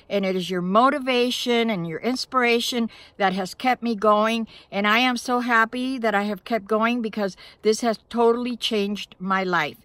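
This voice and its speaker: Out of breath, a woman speaks to her viewers in a fairly high, sharp-toned voice, with no echo on the recording. She's filming a casual vlog outdoors from her van campsite in the woods, sounding earnest, grateful, and chatty.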